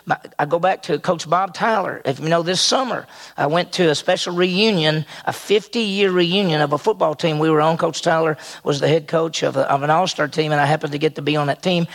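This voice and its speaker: An older man preaching a sermon, animated and acting out quotes with jumps in pitch. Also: gravelly. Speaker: pastor.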